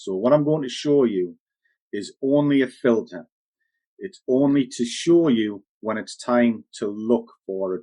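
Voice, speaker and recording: A man's voice: fairly low pitch, a little mellow. Blunt, rambling older man. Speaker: trading educator. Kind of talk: casual rambling talk, then screen walkthrough.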